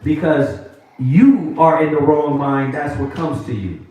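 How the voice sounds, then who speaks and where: Animated male street preacher, high voice, heard from far off. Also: a little slow. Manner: animated, mocking voices of others. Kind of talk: preaching to a group. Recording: echoey room from far off.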